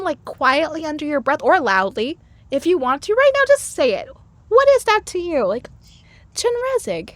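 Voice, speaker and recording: With a high-sitting, somewhat bright voice and no room sound, the herbal medicine lecturer jokes her way through a casual podcast chat. Frequent laughter and acted-out inner voices mark her manner.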